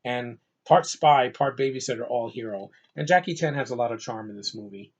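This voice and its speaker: A man's voice: medium pitch, fairly quick, highs cut off. A man giving a casual movie review on his channel, enthusiastic and rambling, with lots of fillers and restarts, sounding a little tired.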